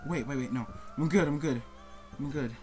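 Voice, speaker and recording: A man's voice: on the high side, normal speed, over music. A man playing through a story game, reading the on-screen text aloud and reacting emotionally to what happens. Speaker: let's play gamer. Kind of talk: game playthrough commentary.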